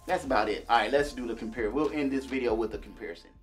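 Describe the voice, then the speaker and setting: A man casually demonstrating and reviewing a small audio mixer for his viewers, chatty and relaxed. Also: medium pitch, quick pace, soft background music. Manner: laid-back, chatty, addresses viewers as y'all and man. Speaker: gear reviewer. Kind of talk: casual product demo vlog.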